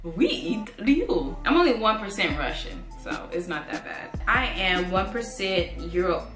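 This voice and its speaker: A woman's voice: medium pitch, expressive, normal speed, roomy sound, music in the background. A woman in her twenties vlogging casually to camera, rambling and thinking aloud with lots of fillers. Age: 20s.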